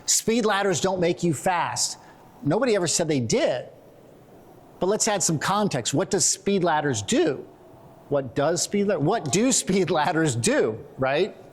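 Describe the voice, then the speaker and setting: A middle-aged man giving a conference talk, animated and joking, telling quick stories to make his points. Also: a little high. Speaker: conference presenter. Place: conference hall.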